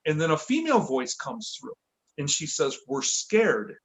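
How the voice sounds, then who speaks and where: A man from Michigan, a podcast guest, telling a story in a casual, lively way, correcting himself as he goes. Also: fairly high pitch, moderate pace, poor audio. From Michigan, USA. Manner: lively, self-correcting, acts out quotes.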